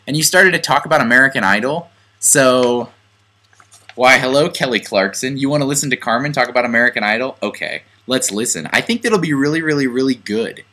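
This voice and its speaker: A man's voice: mid-range voice, sharp tone. A young man chatting playfully on a casual webcam vlog, joking and rambling a little. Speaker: vlogger.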